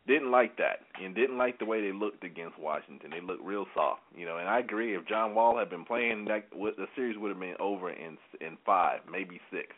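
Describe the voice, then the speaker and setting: A man from Dallas giving his take in a casual sports chat, measured and matter-of-fact. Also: deep voice. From Dallas, Texas. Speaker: co-host. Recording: tinny phone line with faint hiss.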